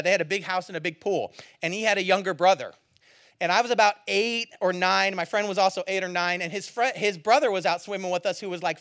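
A man's voice: high-pitched, fairly bright tone, smooth, dry recording, clean studio sound. A man preaching a sermon as a pastor, casual and joking in a conversational way.

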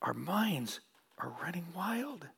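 A man's voice: high voice, sing-song, takes it slowly, creaky, fairly bright tone, slightly rough. A middle-aged man pastor preaching a sermon, telling stories and asking the audience questions, with repeated phrases.

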